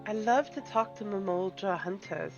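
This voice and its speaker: A woman's voice: medium pitch, moderate pace, darkish tone. A woman streaming a game, chatting casually, laughing often and reading game lines aloud. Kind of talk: casual gaming chat. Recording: dull lo-fi stream audio. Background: faint game music.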